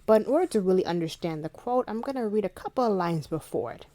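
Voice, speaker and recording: A woman hosting a book podcast, retelling a favorite scene in an animated, chatty way. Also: medium pitch, quick pace. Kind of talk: casual book review chat.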